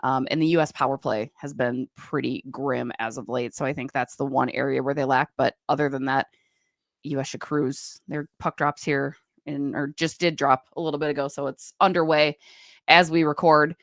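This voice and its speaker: A woman with a low voice co-hosts a casual sports podcast. She runs briskly through stats and names, recorded dry and close with no room sound. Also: fairly even intonation, dry recording. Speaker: podcast co-host. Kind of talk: casual hockey chat.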